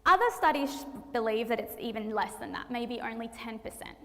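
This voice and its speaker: A woman's voice: a little high, moderate pace. A young woman, a medical student, giving a chatty health talk to an audience, laughing easily and using many fillers. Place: church hall. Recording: reverberant hall.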